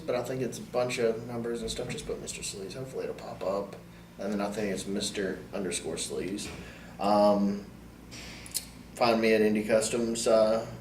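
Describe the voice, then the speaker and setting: A man guest on a wrestling podcast, telling stories in a casual, animated way that turns loud when he gets worked up. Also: lowish voice, a little hiss or hum. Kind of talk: casual storytelling chat. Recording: roomy echo, distant mic, faint ambience.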